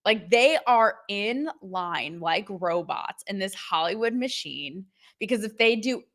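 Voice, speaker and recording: A woman hosting her own show, talking in a chatty, animated commentary style with laughs and quick asides. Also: mid-range voice. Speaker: show host. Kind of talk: casual commentary.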